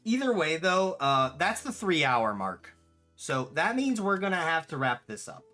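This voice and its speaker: A streamer in their late twenties with a bright, forceful voice, talking casually to chat. They tell stories in an animated way and swear freely between answering questions. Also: medium pitch, unhurried, soft background music. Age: late 20s. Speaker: streamer and game developer.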